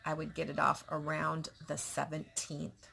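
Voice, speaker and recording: Woman, casual vlog, slow pace, nervous, candid, halting speech, drops to whispers, faint background hiss. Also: low-pitched, completely flat delivery, gravelly, bright, forceful tone. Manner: halting, with many restarts and pauses. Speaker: vlogger.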